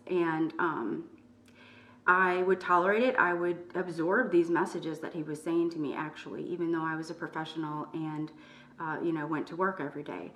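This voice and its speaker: A middle-aged woman hosting her own channel, speaking softly and in a measured, strained way while telling her story and reading from her book. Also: fairly low pitch, roomy sound, recorded from a distance. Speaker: YouTube channel host. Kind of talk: personal testimony, partly reading from her book.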